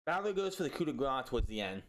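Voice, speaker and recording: A man's voice: medium pitch, sing-song, fast. Guy recapping wrestling, fed up and sarcastic, rambles and restarts a lot. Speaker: wrestling show reviewer. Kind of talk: casual recap and rant.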